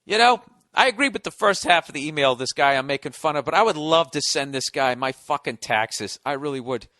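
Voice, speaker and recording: A man with a high, sharp voice rants on his podcast, heavy with sarcasm and swearing. The sound is close and dry, with no room around it. He mocks and grumbles his way through a comic monologue. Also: lively intonation, brisk, no room sound. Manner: sarcastic, profane ranting. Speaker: podcast host.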